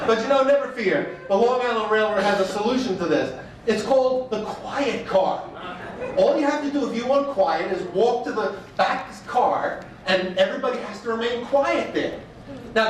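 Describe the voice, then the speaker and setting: Man, high voice, wry comic storyteller, recorded far off in a very echoey room. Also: moderate pace. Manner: wry, animated storytelling with mock quotes. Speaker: speaker. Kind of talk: stand-up style speech.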